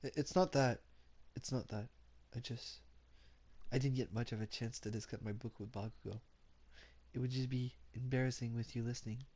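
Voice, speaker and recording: A man's voice: medium pitch, steady tone, normal speed, mellow, lightly acted. A man reading the lines of a shy, anxious teenage bookworm girl in a dating game, flustered and stammering. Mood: pleading.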